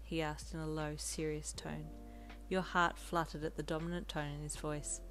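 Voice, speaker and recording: A woman narrating a second-person fan audio story in a steady, intimate reading style. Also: deep voice, moderate pace. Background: soft lo-fi piano backing music.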